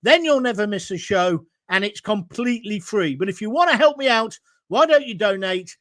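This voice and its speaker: A middle-aged man hosts a live political talk stream, arguing hard and rising to near shouts. His voice sits unusually high for a man. The sound is dry and close, with no room around it. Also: animated, moderate pace, no echo. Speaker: host of a live online political show. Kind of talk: opinionated live-stream commentary reading viewer comments.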